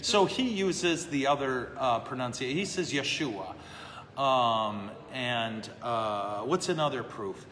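His voice is mid-range, expressive and a bit bright, a little slow with few pauses. The man is a priest running a live Q&A in a brewery, joking about himself casually and asking the crowd "okay?" and "right?". Long reverb and faint ambient noise fill the recording.

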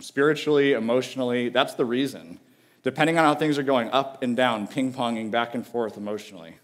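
A male guest preacher delivers a sermon in an earnest, conversational style, repeating himself for emphasis and sinking to a quiet, low voice on the key phrases.

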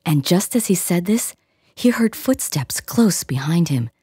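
A woman reading a fairy tale aloud in a gentle, hushed storytelling manner, with a soft, breathy, near-whispered delivery. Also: on the low side, expressive, measured pace, dry recording, clean studio sound. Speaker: audiobook reader. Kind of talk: storybook narration.

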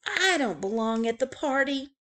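A woman voicing a young boy turtle in a storybook, eager and easily upset, speaking in a high, earnest, childlike way. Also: sing-song, moderate pace, noisy background.

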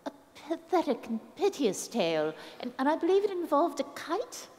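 A woman's voice: high voice, sing-song, moderate pace, a little mellow. A woman on stage speaking in a mock-formal, theatrical manner to challenge a story. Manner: theatrical, arch. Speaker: storytelling game player. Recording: reverberant hall, audience noise.

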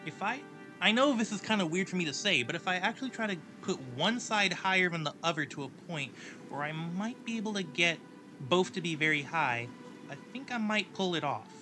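A man's voice: sits high, lively intonation, brisk, over music. Man musing over a strategy game. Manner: thinking aloud, musing. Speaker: gameplay commentator and story narrator. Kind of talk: casual game commentary.

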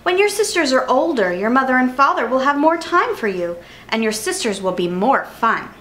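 A woman's voice: high-pitched, big pitch swings, moderate pace, a bit bright, roomy sound. A woman voicing a kind young male fawn who comforts a friend in a storybook. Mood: reassuring.

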